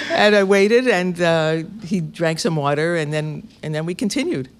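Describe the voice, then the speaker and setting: Guy, radio interviewer, chatty storyteller, kinda high voice, laughs a lot as he goes. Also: slow pace. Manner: lively storyteller, laughs often, restarts phrases. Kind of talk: conversational anecdote.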